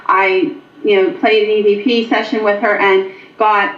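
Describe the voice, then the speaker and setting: Animated woman telling stories, echoey. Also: mid-range voice, a little slow. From Pennsylvania. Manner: animated storyteller, frequent ums. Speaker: paranormal investigator and author. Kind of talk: storytelling as interview guest. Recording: echoey, dull lo-fi sound.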